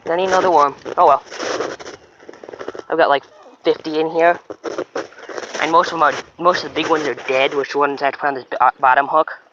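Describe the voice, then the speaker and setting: A man's voice: on the high side, level tone, fairly quick. A man giving rambling, chatty commentary as he fishes by a pond, often stopping and restarting his sentences. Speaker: fishing vlogger. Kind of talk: casual running commentary while fishing. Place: outdoors by a pond. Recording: dull lo-fi outdoor recording with noise.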